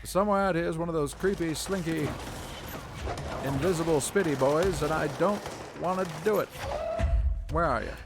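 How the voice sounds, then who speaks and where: A man's voice: a little high, normal speed, pauses often, noisy background. A man streaming a video game live, making playful, sarcastic commentary and talking back to the characters.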